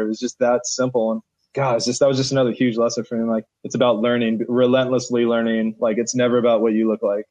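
A man's voice: medium pitch, fairly even intonation, fast, darkish tone, no room sound, muffled recording. A man who coaches setters for a national team, talking emphatically in a podcast interview with lots of filler words.

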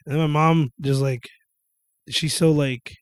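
A young man in casual chat, swearing freely, animated and quick to break into joking impressions. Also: a little high, smooth, no room sound.

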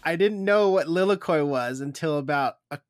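A man's voice: a little high, moderate pace, no room sound, studio quality, soft background music. A man co-hosting a food podcast, chatting casually and joking about himself, laughing often. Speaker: podcast co-host. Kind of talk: casual chat.

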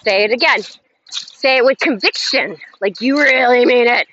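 A woman hosts a motivational self-help talk, speaking emphatically and leading chant-like affirmations. Her voice is a little high and a bit bright, at normal speed. The lo-fi audio is slightly dull with faint noise.

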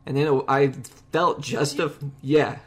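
A man hosting a podcast in casual conversation, rambling and animated, with many restarts. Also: medium pitch, takes it slowly, slight background noise. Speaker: podcast host.

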